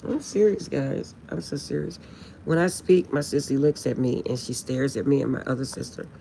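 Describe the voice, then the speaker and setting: A woman's voice: rumbling low, normal speed, vocal fry, dark tone, a little hiss or hum. A woman chatting casually on a late-night live stream, laughing often and insisting she is serious.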